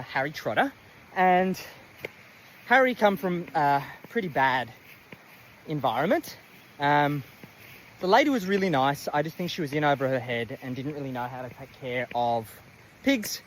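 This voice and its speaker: A man's voice: fairly high pitch, slight background noise, poor audio. A man giving a casual, rambling tour of his animal sanctuary outdoors. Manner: chatty, rambling with many fillers. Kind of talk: casual walking tour vlog. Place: outdoors at a farm paddock.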